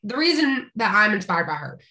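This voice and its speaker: Woman from rural Tennessee, thirties, upbeat podcast guest with a crisp, bright voice. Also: medium pitch, sing-song, fairly quick. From rural East Tennessee, Appalachia. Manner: chatty, upbeat, frequent restarts and laughs. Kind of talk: casual interview chat.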